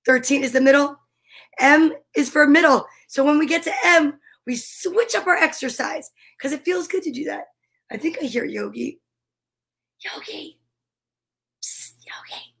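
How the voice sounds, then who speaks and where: Middle-aged woman, scratchy rasp, high-pitched, bubbly live-stream host chatting casually. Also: fairly bright tone. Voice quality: scratchy, raspy voice.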